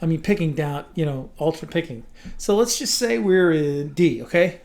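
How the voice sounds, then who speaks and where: A man's voice: fairly high pitch, moderate pace, heavy background noise. Chatty man teaching blues guitar. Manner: relaxed, chatty, scats rhythms aloud. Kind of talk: casual guitar lesson. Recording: loud guitar under the voice. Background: guitar playing.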